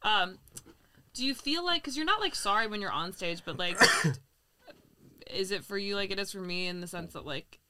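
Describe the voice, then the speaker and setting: A young comedian, chatting casually as a podcast guest, rambling with many "like"s and restarts. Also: female voice, mid-range voice, expressive, heavy background noise. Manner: rambling, lots of "like", fast restarts.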